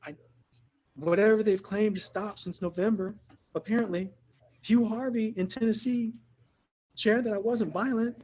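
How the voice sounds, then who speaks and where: Tearful man pleading in court, husky and high. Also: steady tone, normal speed, pauses often, a little mellow, muffled recording. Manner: emotional, rambling, repeats himself. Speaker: defendant representing himself in court. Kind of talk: pleading to a judge.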